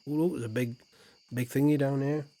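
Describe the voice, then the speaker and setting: A chatty middle-aged English man livestreaming a cosy farming game, talking to his chat in a relaxed, rambling way. His voice sits at an everyday middle pitch, and he often drops into quiet mumbled asides before perking up again. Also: fairly quick. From England. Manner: chatty and playful, muttering asides, trailing off. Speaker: game streamer. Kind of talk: casual live-stream gameplay chat.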